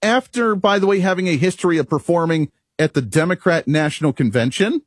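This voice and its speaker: Husky-voiced male talk radio host. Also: a little high, brisk, no room sound, clean studio sound. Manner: emphatic, rhetorical, chuckles at himself. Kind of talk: opinionated talk radio monologue.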